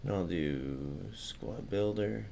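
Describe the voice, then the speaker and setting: A man's voice: sits low, drawn-out words, vocal fry, mellow, a little hiss or hum. Chatty man commenting on his gameplay. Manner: talks to his chat, acts out short exchanges in a raised voice. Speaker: gaming streamer.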